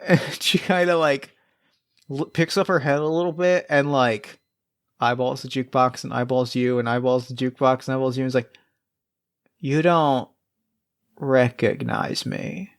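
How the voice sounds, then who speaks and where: A man's voice: mid-range voice, steady tone, brisk, smooth. A man narrating as game master in a tabletop game, rambling with many fillers and restarts. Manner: rambling, filler-heavy, laughs often.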